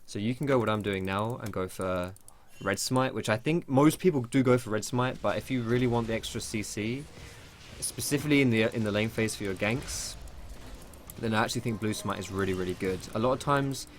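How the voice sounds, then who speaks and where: A man's voice: on the low side, fairly quick, a little hiss or hum. A young man giving casual, rambling gameplay tutorial commentary from his computer at home. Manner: chatty, rambling, swears when surprised.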